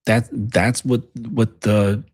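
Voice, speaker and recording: This is a man with a husky, breathy edge to his voice, speaking in a casual monologue. He rambles and swears freely as he lectures like a men's coach. The sound is dry and close, with no room echo. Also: on the low side, flat delivery, slow. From United States.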